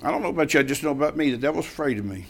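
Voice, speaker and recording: A man's voice: a little high, lively intonation, very fast. A man in his seventies preaching a sermon, telling a personal story in a folksy, emphatic way and laughing often as he talks.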